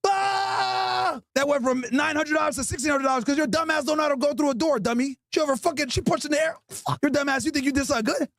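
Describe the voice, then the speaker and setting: A man hosting a podcast, loudly and profanely roasting people with mocking, animated comedy. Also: extremely high pitch, fast talker, gravelly, no echo. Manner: loud, mocking, animated, swears constantly. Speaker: podcast host.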